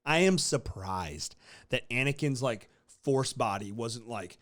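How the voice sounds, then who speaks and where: A young man co-hosting a podcast, ranting in casual chat with lots of swearing and animated outbursts. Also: medium pitch, measured pace. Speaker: podcast co-host.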